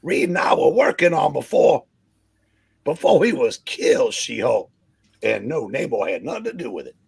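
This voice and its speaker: A man voicing a female superhero as a loud, drawling southern belle in a comic book read-aloud, with a raspy voice. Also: medium pitch, sing-song, normal speed, heavily acted. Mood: brassy. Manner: shouty, drawling, exaggerated.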